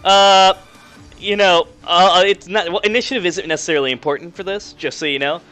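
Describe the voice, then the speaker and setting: A young man narrating as game master of a tabletop game, casual and halting with lots of fillers. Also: high-pitched, pushed and bright, clean tone, soft background music.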